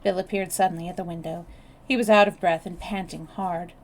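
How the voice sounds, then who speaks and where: A woman storyteller reading a novel aloud on a live stream, steady with small restarts. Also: on the low side, fairly quick.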